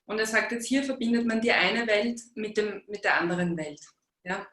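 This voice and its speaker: A woman's voice: medium pitch, a little fast, fairly bright tone. Hesitant woman interpreting, echoey room. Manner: hesitant, with fillers and restarts. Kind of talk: interpreting into German.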